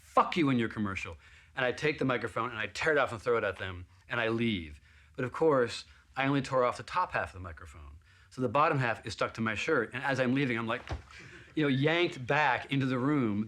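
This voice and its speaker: This man's voice is expressive, brisk and bright, with a forceful tone. His animated anecdote is about an audition, and he acts out the others' lines by swinging his pitch up and down dramatically.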